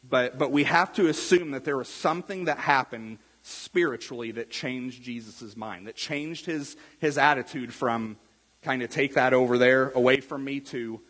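A man's voice: mid-range voice, normal speed, fairly bright tone, slightly rough. A man preaching a sermon in a casual, conversational way, acting out the quotes he tells. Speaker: pastor. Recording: reverberant hall.

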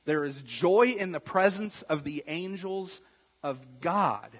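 Husky-voiced preaching man in reverberant hall. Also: high voice, takes it slowly. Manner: preachy, rising to emphatic bursts. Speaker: pastor. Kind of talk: sermon.

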